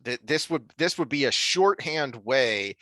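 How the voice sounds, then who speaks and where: A man co-hosting a podcast, talking through a TV series review in an animated, rambling way with frequent restarts. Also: medium pitch, a little slow, dry recording. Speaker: podcast co-host. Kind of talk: casual review discussion.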